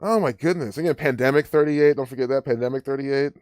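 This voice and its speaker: A man's voice: mid-range voice, fast, a little mellow, dry recording, clean studio sound. A man hosting his own commentary channel, talking casually and scornfully over a news clip, often sarcastic and laughing.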